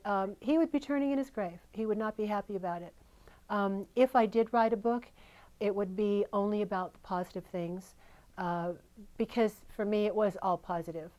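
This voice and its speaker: A woman's voice: medium pitch, fairly even intonation, moderate pace, a little mellow. An older woman, a guest in an interview, speaking in an earnest, emotional and fond way about the past. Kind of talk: candid interview. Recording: radio studio interview.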